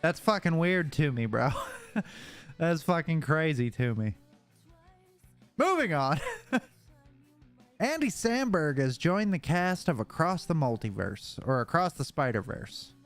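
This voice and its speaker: A man co-hosts a casual pop-culture podcast, cracking jokes and swearing easily. His voice sits on the higher side. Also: very animated, slow, pauses often, faint music behind. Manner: laughing, joking, swears casually. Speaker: podcast co-host. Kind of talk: casual chat.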